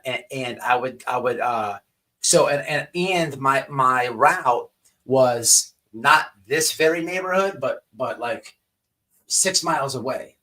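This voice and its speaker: A man's voice: mid-range voice, pushed and bright. A man hosting a livestream who talks in a rambling, profane way, full of restarts. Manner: rambling with many restarts and stammers. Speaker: livestream host. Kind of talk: casual profane commentary.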